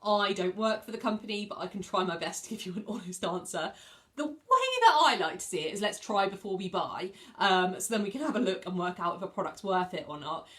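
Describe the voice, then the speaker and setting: A woman's voice: mid-range voice, a little fast, fairly bright tone. A woman hosting a live-streamed product review, chatting with viewers in a bubbly, sing-song way and laughing often.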